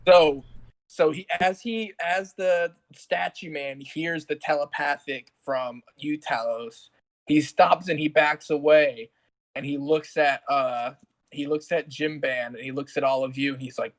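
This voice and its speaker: A man's voice: a little high, steady tone, a little slow. A man running a tabletop game as game master, narrating casually with loose restarts over a voice call. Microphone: home mic on a voice call.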